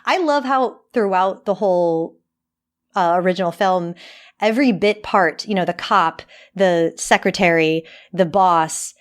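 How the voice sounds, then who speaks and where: A woman co-hosting a podcast in casual chat, animated, laughing often and restarting her sentences. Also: lowish voice, a little slow. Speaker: podcast co-host.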